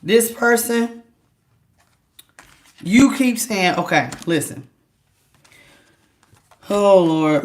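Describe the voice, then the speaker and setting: A woman giving a tarot reading to her viewers, talking in an animated, emphatic and casual slangy way. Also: medium pitch, extremely slow, long pauses, a little hiss or hum. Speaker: tarot reader. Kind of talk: direct-to-camera tarot reading.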